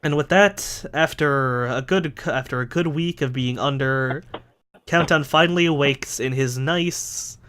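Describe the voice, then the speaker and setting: Dude running a tabletop game, easygoing, swears a bit, faint background hiss. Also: male voice, medium pitch, unhurried, fairly bright tone. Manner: casual, joking, swears freely. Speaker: game master.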